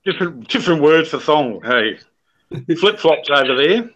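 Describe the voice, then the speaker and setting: Bright-voiced Australian man in his sixties. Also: a little high, sing-song, moderate pace, muffled recording, a little hiss or hum. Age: 60s. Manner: blunt, swears freely, says mate a lot. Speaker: guest on a live stream. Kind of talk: casual chat.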